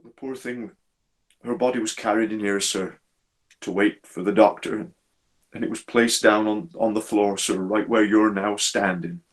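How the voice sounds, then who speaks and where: A man voicing a troubled railway signalman who speaks haltingly and deferentially, calling his listener "sir" again and again. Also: fairly low pitch, fairly even intonation, lightly acted. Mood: grieving, hushed. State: distressed and troubled. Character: haunted, anxious middle-aged male railway signalman. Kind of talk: performed storytelling.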